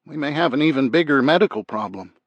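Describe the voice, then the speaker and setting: A man's voice: on the high side, animated, quick pace, dry recording, lo-fi sound, voice pushed up. A man voicing a woman doctor who speaks up earnestly for her patient in an audiobook. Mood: urgent.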